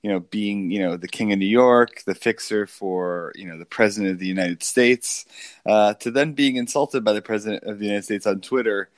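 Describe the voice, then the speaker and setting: Low-voiced man mocking politicians. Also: fairly quick, dry recording, clean studio sound. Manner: mocking, rambling with many fillers. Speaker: podcast co-host. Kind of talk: casual political banter.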